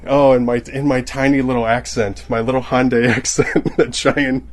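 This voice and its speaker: A man's voice: medium pitch, flat delivery, normal speed. A young man rambling through a comedic monologue, often cutting himself off and laughing at his own jokes. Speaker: comedian podcaster.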